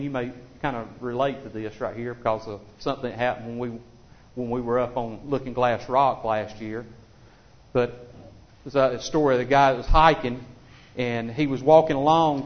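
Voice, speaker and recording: A man preaching a sermon in a conversational, folksy way, often repeating himself as he restarts phrases. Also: mid-range voice. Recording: dull lo-fi recording.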